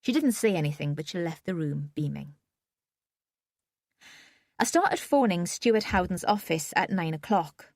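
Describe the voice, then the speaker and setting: A woman's voice: fairly low pitch, expressive, unhurried, long pauses, a little mellow, no echo, clean studio sound. A woman reading a first-person audiobook in a subdued, wry manner. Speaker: audiobook narrator.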